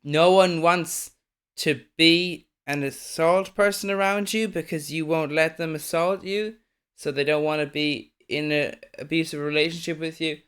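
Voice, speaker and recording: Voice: mid-range voice, steady tone, a little slow, a bit bright, clean tone. A streamer giving casual live commentary on a video, blunt, swearing often and restarting sentences.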